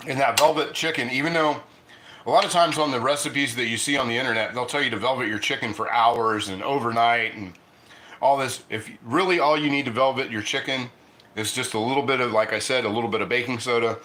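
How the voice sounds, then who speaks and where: A man's voice: mid-range voice, fairly even intonation, brisk, bright, forceful tone. A middle-aged man hosting a casual cooking livestream, rambling and chatty, eating and talking between bites in his home kitchen. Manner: rambling, chatty, restarts often; eating and talking with mouth full. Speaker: cooking show host.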